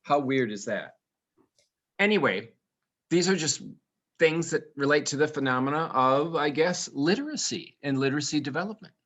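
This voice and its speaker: A man from England gives a playful talk to educators, tossing out rhetorical questions and musing aloud. His voice sits a little high for a man. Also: brisk, a bit bright. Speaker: guest speaker.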